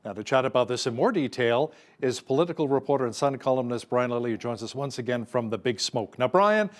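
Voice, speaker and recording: A man's voice: mid-range voice, expressive, a little fast. A man hosting a news interview in a wry, conversational way. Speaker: news anchor.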